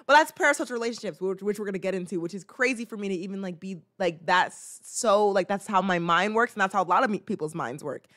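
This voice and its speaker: A woman's voice: mid-range voice, fast, hardly any pauses, fairly bright tone. Chatty woman reacting to a clip. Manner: rambling, chatty, many fillers and restarts; playful, acts out little scenes. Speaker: host. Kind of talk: casual reaction commentary.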